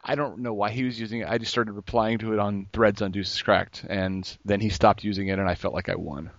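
A man's voice: fairly low pitch, brisk, no echo. A man co-hosting a podcast, joking and rambling in casual banter. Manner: jokey, rambling, lively. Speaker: podcast co-host. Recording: dull lo-fi sound, dry.

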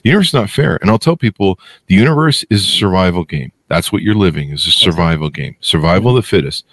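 A middle-aged man hosting a podcast interview, talking in a blunt, opinionated and animated way. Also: low voice, fast, dry recording. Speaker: podcast host. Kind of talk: casual interview chat.

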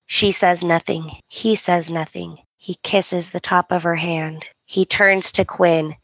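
A woman co-hosting a casual podcast, recapping a soap opera with animated storytelling and acting out the characters' lines. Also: on the low side, takes it slowly, dry recording, dull audio. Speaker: podcast co-host.

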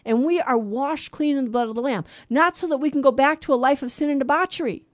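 A woman with a fairly high voice gives devotional teaching on a radio show. Her delivery is earnest and measured, and she runs through lists in a steady rhythm. The studio sound is close and dry. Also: no echo. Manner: earnest, lists virtues and sins in steady cadence. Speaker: radio Bible show co-host.

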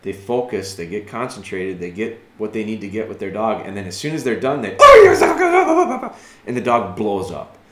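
A man giving patient, earnest dog-training advice as a podcast host, thinking aloud and dropping soft and slow when he models calm commands. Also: lowish voice, reverberant. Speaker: dog trainer answering a listener.

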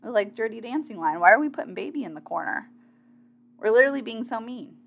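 A woman's voice: on the high side, lively intonation, fast talker, vocal fry, fairly bright tone. A woman in a casual motivational monologue, talking directly and chattily to her listeners as a fitness competitor sharing advice.

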